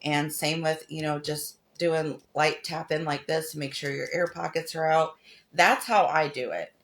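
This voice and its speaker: A woman's voice: low voice, steady tone, normal speed. Chatty woman hosting a craft stream. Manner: chatty, affectionate, greets viewers by name. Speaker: crafting livestream host. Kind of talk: casual livestream craft demo, greeting viewers.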